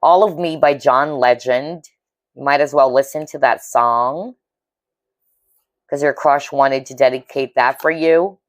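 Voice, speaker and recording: A tarot reader with a very deep voice speaks a little slowly, with no room sound. She gives a pick-a-card reading, talking earnestly and with empathy to her viewers, and she sounds emotionally moved and intuitive while often checking in with "okay?".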